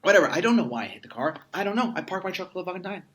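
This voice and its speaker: A man in his thirties with a high, sing-song, fairly bright voice talks at a racing pace. As a podcast guest in casual conversation, he tells stories emphatically and swears freely.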